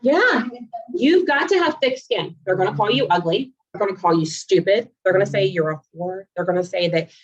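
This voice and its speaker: A woman's voice: medium pitch, lively intonation, moderate pace, breathy edge. A woman in casual conversation who tells her stories by acting out what each person said. Her voice sits in a middle range. The recording sounds a little dull and muffled. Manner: chatty storyteller who acts out quoted dialogue. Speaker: realtor and social media creator. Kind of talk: casual chat.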